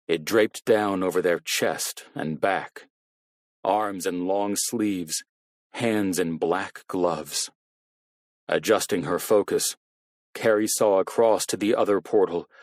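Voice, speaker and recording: Rich: a male narrator reading a crime thriller in a measured, steady delivery. His voice sits low, and the recording is close and dry. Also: no echo. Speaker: audiobook narrator. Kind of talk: scripted narration.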